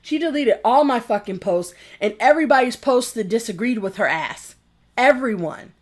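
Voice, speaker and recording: A woman with a fairly high voice delivers an angry vlog rant. She swears constantly and sounds exasperated, mocking the people she is criticising. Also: lively intonation, normal speed. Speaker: game reviewer vlogger.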